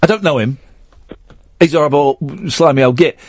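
A man's voice: fairly high pitch, brisk, no echo. A man hosting a radio show in a studio, talking in a rambling, jokey and self-mocking way. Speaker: radio host. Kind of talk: casual radio chat. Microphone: studio mic.

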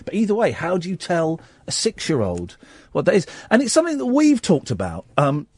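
Animated male radio host, husky voice. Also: high voice, brisk, no echo. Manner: animated storytelling, mimics people, drops to soft quiet tones when moved. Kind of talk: casual radio chat. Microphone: studio microphone.

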